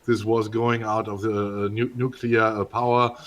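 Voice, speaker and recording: Male co-host, a bit low, halting and filler-heavy. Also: flat delivery, fairly bright tone. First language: German. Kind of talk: casual political chat.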